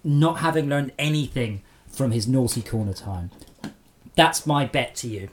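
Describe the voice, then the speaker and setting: A man's voice: medium pitch, expressive, measured pace, a little hiss or hum. A man streaming a game live and sarcastically scolding trolls in his chat.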